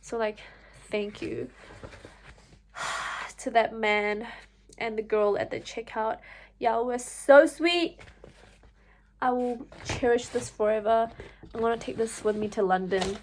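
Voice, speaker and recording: A woman's voice: fairly high pitch, slow pace, long pauses, a little hiss or hum. A young woman, telling a personal story to camera in a chatty way, full of fillers and "like". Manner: chatty, full of fillers, animated when quoting herself. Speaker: vlogger.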